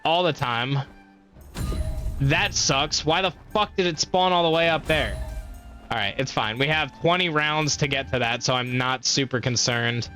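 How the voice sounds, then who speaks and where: Young male streamer, bright voice, profane play-by-play with faint game music behind. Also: medium pitch, measured pace. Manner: profane, trash-talking, mocking enemies. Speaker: gaming streamer. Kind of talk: casual gameplay commentary.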